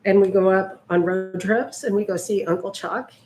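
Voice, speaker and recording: A woman's voice: medium pitch, fairly even intonation, moderate pace, hardly any pauses, darkish tone, a little hiss or hum. A middle-aged woman chatting casually while she crafts, often slipping into cooing baby talk with her dog. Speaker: art journaling vlogger.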